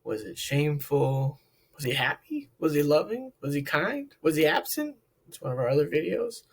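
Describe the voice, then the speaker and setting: A man's voice: a little high, big pitch swings, normal speed, slightly rough. A man working as a therapist, giving a reflective talk to camera, asking many questions and often repeating words. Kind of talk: talk to camera about emotional health.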